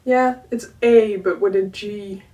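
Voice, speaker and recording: A woman's voice: medium pitch, slow, mellow, distant mic, low-quality recording. A young woman with a Dutch accent, chatting in a casual vlog, giggling and using lots of fillers. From Netherlands. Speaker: YouTuber.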